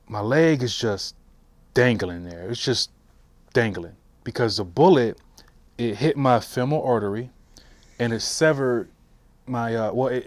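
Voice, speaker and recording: A man in his forties, a veteran, telling his story for an oral history interview in a halting way with frequent restarts. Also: mid-range voice, dry recording. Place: interview room.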